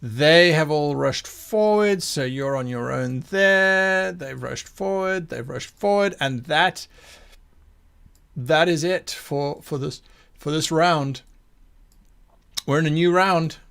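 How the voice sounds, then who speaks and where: A man narrating a tabletop game as game master, describing scenes in slow detail. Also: fairly high pitch, gravelly, fairly bright tone, clear, resonant tone.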